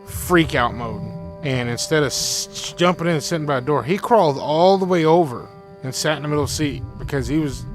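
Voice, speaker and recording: A man's voice: on the high side, low-quality recording. A young man telling a frightening personal story in casual talk, rambling and repeating himself, with faint music behind. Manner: rambling, repeats himself, quotes friend in excited bursts.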